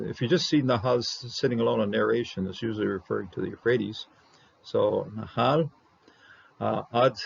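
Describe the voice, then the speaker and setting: Gravelly, husky man teaching Hebrew slowly. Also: fairly low pitch. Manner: halting, many fillers, sounds out Hebrew words slowly. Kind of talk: verse-by-verse Hebrew lesson. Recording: dull lo-fi sound.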